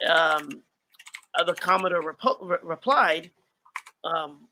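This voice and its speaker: A man's voice: on the high side, slow pace, long pauses, pushed and bright, slight background noise. A man co-hosting a casual podcast about writing, talking earnestly and reflectively with many fillers. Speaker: author and podcast co-host.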